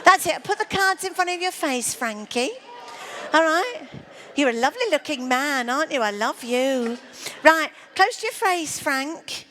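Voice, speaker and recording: A woman's voice: high-pitched, expressive, a little slow, bright, forceful tone, a little hiss or hum. A woman doing comic magic patter on stage, teasing and flirting with a volunteer she keeps calling darling. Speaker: comedy magician.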